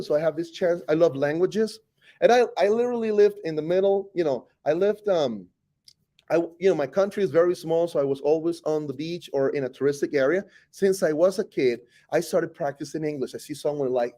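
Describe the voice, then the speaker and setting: A man from Costa Rica with a Costa Rican Spanish accent, a teacher telling his life story in an animated, rambling way full of self-corrections. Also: on the high side, fairly quick. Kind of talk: personal storytelling interview.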